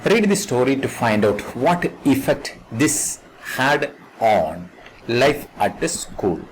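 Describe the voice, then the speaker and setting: A man's voice: mid-range voice, big pitch swings, a little hiss or hum, low-quality recording. A man with an Indian English accent, teaching an English lesson to students and repeating key words as he explains the text. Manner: slow, repetitive explanation, restating words several times.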